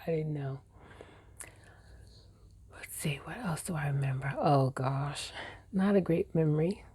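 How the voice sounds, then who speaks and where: A woman's voice: low voice, a little slow, crowd noise. A woman in her forties telling childhood stories in a casual vlog, with a meandering, self-correcting way of reminiscing. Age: 40s. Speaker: vlogger. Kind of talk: casual personal storytelling.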